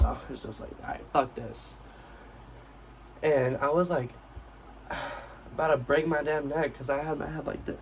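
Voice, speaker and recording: A man's voice: medium pitch, gravelly, distant mic, a little hiss or hum, low-quality recording. A young man telling a storytime vlog in a brash, profane, casual way, acting out what he said. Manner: brash, profane, acts out quotes of himself. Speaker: vlogger.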